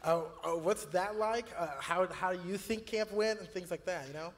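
A man's voice: sits high, normal speed, big-room sound. A man, a youth pastor, talking earnestly and telling stories with many fillers and restarts. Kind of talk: church video conversation.

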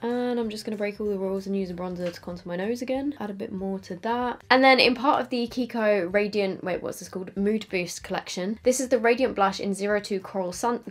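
Young woman, makeup vlogger, casual self-mocking chatter, drifts off mid-sentence while applying. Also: medium pitch. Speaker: beauty vlogger. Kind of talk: casual makeup tutorial chat.

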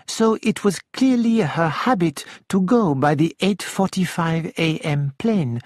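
Male reader as a patient, clever detective; unhurried, higher voice. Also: darkish tone, no echo, studio quality, heavily acted. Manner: patient, reasoned explanation.

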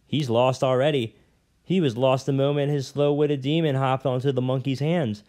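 A man reading a novel aloud at an unhurried pace, now and then stumbling and correcting himself. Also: mid-range voice, fairly even intonation, warm tone. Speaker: reader.

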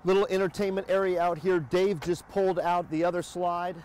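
A man's voice: high-pitched, flat delivery, a little fast, a little mellow. A man hosting a casual live sales walkthrough outdoors beside a motorhome, upbeat and chatty with frequent fillers. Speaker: host of a sales livestream. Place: outdoors by a motorhome near a highway.

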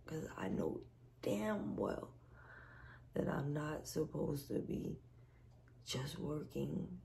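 A woman's voice: low voice, sing-song, vocal fry, mellow. Weary, whispery woman venting in a vlog. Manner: weary, halting, sighing. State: stressed and exhausted. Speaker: vlogger.

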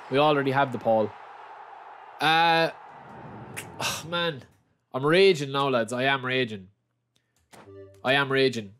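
This game streamer, a man with an Irish accent and a fairly high pitch, comments live as he opens player packs. He repeats his exclamations and calls his viewers lads.

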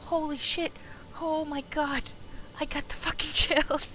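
A woman streaming a video game live. She comments excitedly, swears a lot and talks back to the characters on screen. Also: sits high, a little slow, low-quality recording. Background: game music.

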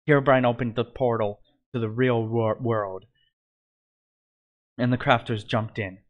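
A man's voice: mid-range voice, fairly even intonation, measured pace, pauses often, highs cut off. A man reading a fan-written adventure story aloud in an amateur way, stumbling and correcting himself. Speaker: narrator.

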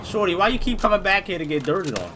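Jokey gamer man with lively pitch. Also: fast. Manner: jokey, yelps and shouts at sudden moments, slangy. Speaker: gaming channel host. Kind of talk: excited live gameplay commentary. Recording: gunfire and game noise clearly behind.

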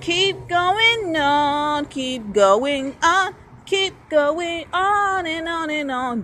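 A woman with a high, bright-pitched voice drifts through an unscripted spiritual monologue, taking her time between phrases. She circles back on her own words and swears casually as she goes. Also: animated, very slow, soft background music. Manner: meandering, repetitive, swears freely. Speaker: vlogger.

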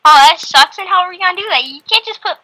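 Chatty high bright female co-host. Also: expressive, fast talker, poor audio. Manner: chatty, hums tunes, rambles about side topics. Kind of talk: casual chat while coding a game.

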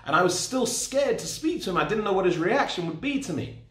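A man's voice: high voice, a little fast. Man in his forties telling his story. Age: 40s. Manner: storytelling, animated, self-deprecating. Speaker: speaker sharing his story. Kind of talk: personal testimony talk. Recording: roomy echo.

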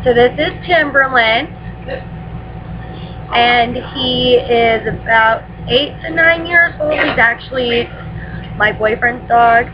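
A woman's voice: a little high, takes it slowly, background noise. A woman chatting casually in a home vlog, recorded on a laptop webcam at night and slipping into baby talk with her dog. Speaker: mother and vlogger. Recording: dull lo-fi webcam audio with music behind.

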